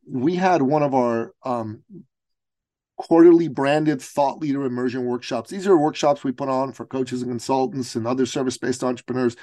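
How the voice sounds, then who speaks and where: In an interview, this man, a business coach, animatedly tells a story and performs the quotes of the people involved. His voice is mid-range, with no echo.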